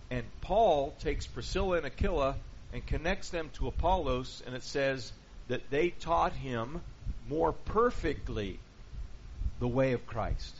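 Guy preaching casually, keeps asking okay? right?, faint hiss behind. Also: fairly high pitch. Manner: peppers points with rhetorical "okay?" and "right?". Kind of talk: conversational Bible teaching. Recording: dull lo-fi recording with faint background noise.

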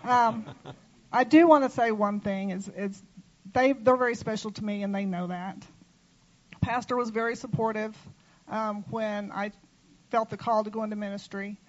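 A woman's voice: mid-range voice, fairly even intonation, moderate pace, dull audio. Affectionate woman minister on stage. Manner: warm, affectionate, tearful at times. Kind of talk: church presentation speech.

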